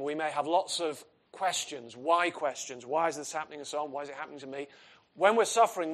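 A man preaching an expository sermon, earnest and emphatic, asking his listeners questions. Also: fairly high pitch.

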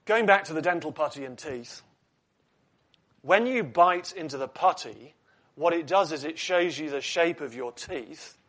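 A man preaching a sermon with a voice pitched a little above the usual male range. He teaches earnestly, stops to ask his listeners rhetorical questions, and slips in light asides. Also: animated, a little slow, fairly bright tone.

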